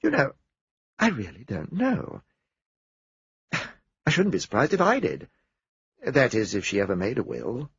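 A man reading an audiobook, voicing a composed young woman who answers in a crisp, matter-of-fact way. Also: mid-range voice, very animated, normal speed, a bit bright, no echo, dull audio, pitched above the performer's own voice, full character voice. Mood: guarded.

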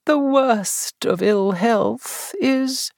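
A woman's voice: fairly high pitch, lively intonation, slow pace, gravelly, darkish tone, no room sound, clean studio sound, voice pushed up, full character voice. A woman reader voicing a frail, self-pitying older invalid with a thin, weak, melancholy voice. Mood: whining, melancholy.

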